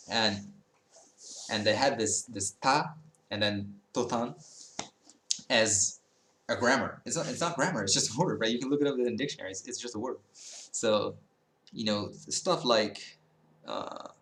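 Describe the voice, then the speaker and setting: A man's voice: on the low side, fairly bright tone, echoey room. A young man giving blunt, rambling advice on learning a language in a casual vlog, full of fillers and restarts, swearing and laughing at times.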